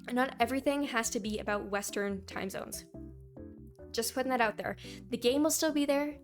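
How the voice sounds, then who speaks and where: A young woman giving her opinions in a casual commentary vlog, opinionated and quick to mock what commenters say. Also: on the high side, soft background music. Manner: opinionated, reads out viewer comments in mocking voices. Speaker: gaming YouTuber.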